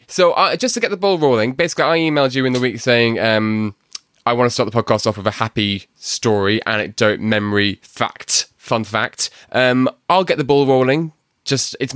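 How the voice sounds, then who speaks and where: A male podcast host with a soft Northern English accent, chatting casually in a self-deprecating way with lots of fillers. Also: mid-range voice, no room sound, clean studio sound. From North West England. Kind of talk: casual chat.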